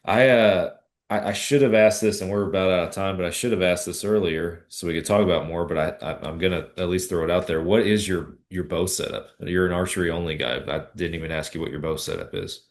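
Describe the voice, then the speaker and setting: Low-voiced easygoing male interviewer. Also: brisk. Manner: easygoing, hesitant, many restarts. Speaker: podcast host. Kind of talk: casual interview.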